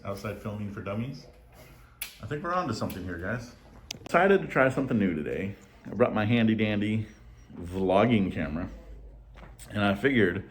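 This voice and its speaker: Playful joking vlogger man, echoey. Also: fairly low pitch. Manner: playful, joking, laughs often. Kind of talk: casual banter. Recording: echoey with faint noise.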